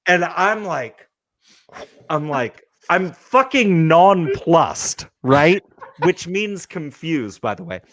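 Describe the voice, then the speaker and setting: Slow and on the high side, with no room sound, a man in his forties from California hosts a podcast. He tells a comic story in an animated, profane way, freely cursing and performing the quotes.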